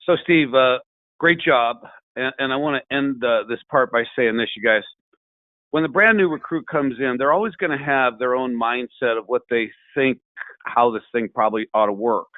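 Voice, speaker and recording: A man's voice: mid-range voice, normal speed, no echo. Male host, conversational, dry phone-quality sound. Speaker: webinar host. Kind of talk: webinar, playing a new recruit. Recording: dry, phone-like webinar line.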